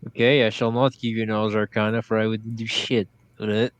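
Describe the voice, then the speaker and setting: A man's voice: fairly low pitch, little pitch movement, fairly quick, clean tone, highs cut off. A man playing a tabletop game, talking in a hesitant, dry, understated way. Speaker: player. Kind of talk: casual tabletop game play.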